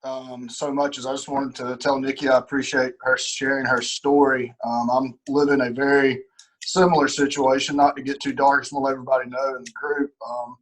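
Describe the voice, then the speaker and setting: Call participant, man, flat even delivery, subdued. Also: medium pitch, poor audio. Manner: subdued, measured. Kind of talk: video call Q&A remark. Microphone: video call.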